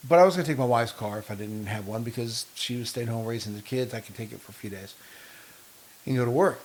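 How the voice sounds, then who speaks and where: A man co-hosting a casual podcast chat, telling long, animated anecdotes full of quoted dialogue. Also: mid-range voice, fast talker. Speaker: podcast co-host.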